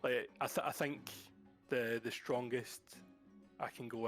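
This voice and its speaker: A man's voice: medium pitch, fairly even intonation, unhurried, soft background music. Joking man with a Glasgow accent. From Scotland. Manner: joking, rambling with fillers. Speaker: interview guest. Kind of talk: casual chat.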